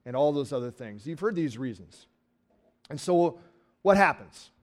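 A man's voice: a little high, animated, moderate pace. A pastor preaching a sermon to his congregation in a church, talking conversationally and asking rhetorical questions. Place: church sanctuary.

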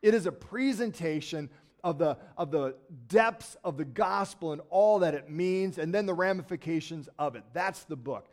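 A man with a fairly high voice preaches to his congregation in a church sanctuary. He talks like he is chatting with friends, tosses in quick asides and jumps into bursts of excitement. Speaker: pastor. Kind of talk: sermon.

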